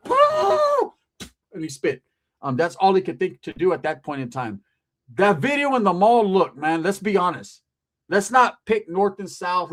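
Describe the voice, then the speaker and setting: 说话直率粗口多的男解说者，声音偏高. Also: male voice, a little high. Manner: blunt, profane street talk. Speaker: commentary channel host. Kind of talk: casual commentary monologue.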